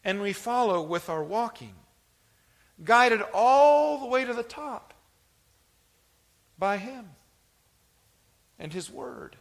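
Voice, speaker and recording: A man's voice: extremely high pitch, a bit bright. A man preaching a sermon to a congregation, with emphatic delivery that swells and drops. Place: church.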